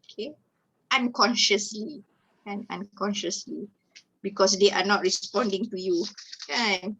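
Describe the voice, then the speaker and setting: A woman's voice: mid-range voice, unhurried, bright, forceful tone, breathy edge, rough recording. A woman from Malaysia giving a teacher-training webinar over a video call, tagging nearly every phrase with "okay" and "all right" and slipping into Malay now and then. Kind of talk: webinar lecture.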